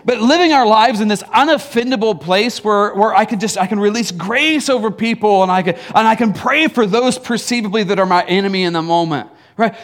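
A man's voice: sits high, fairly bright tone. A man preaching a conversational sermon, casual and teasing, with many fillers, restarts and chuckling asides. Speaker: pastor.

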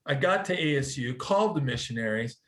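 A man telling a personal story in a casual, animated way, acting out quoted dialogue, with frequent restarts. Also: mid-range voice, brisk. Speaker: guest telling a conversion story.

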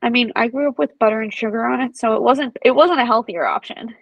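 A woman's voice: on the high side, fast, vocal fry, dry recording, muffled recording. A young woman co-hosting a podcast, chatting casually and acting out quotes as she tells stories. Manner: animated storyteller who acts out quotes. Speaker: podcast co-host. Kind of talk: casual chat.

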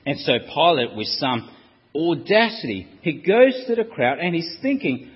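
A man preaching a sermon, telling the story dramatically and acting out the crowd's shouts. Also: on the high side, sing-song, normal speed, slightly rough, in a large hall, highs cut off.

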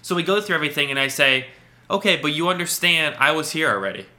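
Bright-voiced man telling a story. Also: on the high side, fast talker. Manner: animated storyteller, re-enacts dialogue. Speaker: podcast host. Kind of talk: casual chat.

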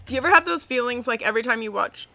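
A young woman talks loosely with a friend on a podcast, joking at her own expense and swearing freely. Her voice is bright and a little high. Hiccups keep breaking into her talk. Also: lively intonation, very fast, vocal fry, dry recording. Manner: chatty, swears freely, self-mocking jokes. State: hiccuping and burping. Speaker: podcast co-host. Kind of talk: casual chat.

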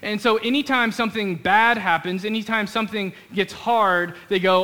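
Male pastor, bright, high voice, chatty preaching with acted quotes, church sanctuary, handheld mic. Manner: conversational preaching, quick asides and acted-out quotes. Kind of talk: sermon. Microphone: switches to a handheld mic partway.

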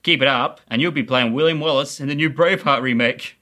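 An actor playing a dry, teasing young neighbor from Adelaide in an audio drama. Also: male voice, mid-range voice, a little fast, pushed and bright, lightly acted. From Adelaide, Australia.

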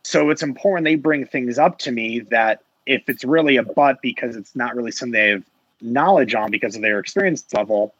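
A man's voice: mid-range voice, fairly quick, fairly bright tone, slightly rough, no room sound, dull audio. A man who manages sales reps, chatting casually on a panel and rambling with lots of filler words.

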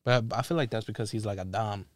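A man's voice: fairly low pitch, fast talker, dry recording, studio quality. A young man co-hosting a podcast, teasing and laughing in crude casual chat. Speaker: podcast co-host.

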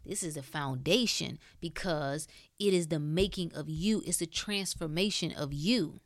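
A woman with a lowish voice delivers a preachy motivational monologue, emphatic and conversational. She swings between loud bursts and soft hushed stretches. The recording is close and dry, with no room sound. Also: a little slow, no echo. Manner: casual speech with dropped words. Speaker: wellness speaker.

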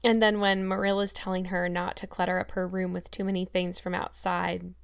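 Fairly quick and level in tone, this woman's lowish voice is gravelly yet clean. An audiobook reader and podcast host, she narrates a chapter of a classic novel like a storybook and then shares thoughtful, appreciative commentary on it.

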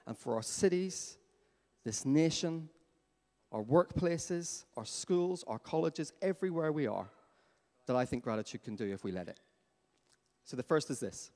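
Guy pastor preaching, voice jumps all over, big echoey church hall. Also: medium pitch. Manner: animated, asks the congregation questions. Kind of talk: sermon. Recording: long hall reverb.

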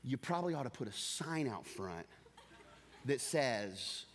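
A man's voice: medium pitch, big pitch swings, measured pace, slight background noise. A man voicing a confused woman who walked into the wrong house, rambling in a flustered way as he retells it in a sermon. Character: confused woman lost looking for a vet.

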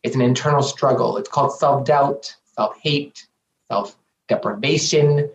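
A man's voice: mid-range voice, a little slow, slight background noise. A man speaking as a guest in an interview, earnest and emphatic, often repeating himself for weight. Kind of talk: candid interview talk. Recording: roomy, dull lo-fi sound.

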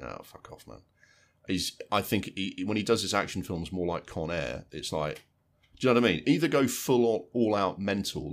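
A man co-hosting a film podcast, talking casually and rambling as he reviews a film, often restarting and repeating words while he thinks. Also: sits low.

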